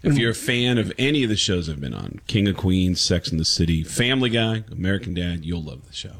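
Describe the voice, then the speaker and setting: A comedian man telling animated stories as a guest in a casual interview. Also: sits low, fairly quick. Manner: animated, lively storyteller.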